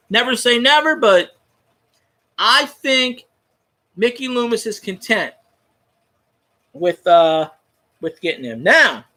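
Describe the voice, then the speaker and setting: A man's voice: high voice, bright, forceful tone. A man giving a profane, rambling football fan rant in casual chat.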